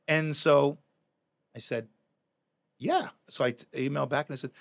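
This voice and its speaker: A middle-aged man tells stories as a podcast guest. His voice sits a little high, and he swears freely and acts out the lines he quotes. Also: steady tone, a little fast, creaky. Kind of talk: casual storytelling.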